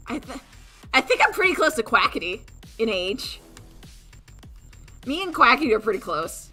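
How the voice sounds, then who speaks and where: A woman's voice: on the high side, sing-song, moderate pace, bright, forceful tone, soft background music. A young woman chatting casually on a livestream, giggly and rambling with lots of fillers. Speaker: streamer and artist.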